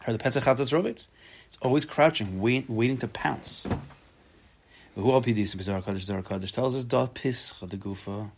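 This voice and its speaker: Man, Torah class teacher, conversational, repeats words, joking asides, translates phrase by phrase, mid-pitched voice. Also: a little fast, a little hiss or hum. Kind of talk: casual spoken Torah class.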